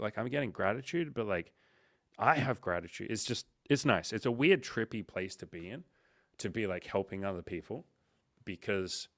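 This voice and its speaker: A man hosting a casual livestream, talking in an animated, profane way and acting out the voices he quotes. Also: fairly low pitch, moderate pace, no echo, studio quality. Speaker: coach and livestream host.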